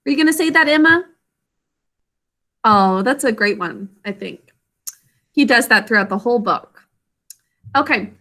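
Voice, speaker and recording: A woman teaching a class over a video call, encouraging and sounding out words slowly. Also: on the high side, very animated, bright, forceful tone.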